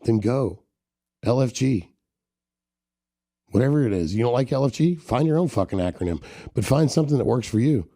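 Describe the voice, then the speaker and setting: A man's voice: medium pitch, animated, moderate pace, long pauses, warm tone, dry recording, studio quality. A man hosting a podcast interview, blunt and profane, challenging listeners directly with motivational talk. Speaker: podcast host.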